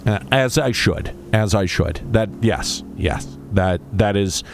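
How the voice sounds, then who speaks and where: A man's voice: fairly low pitch, animated, takes it slowly, background noise. A man streaming a game, chatting casually with stammered restarts and casual swearing. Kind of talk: casual live-stream chat. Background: game music.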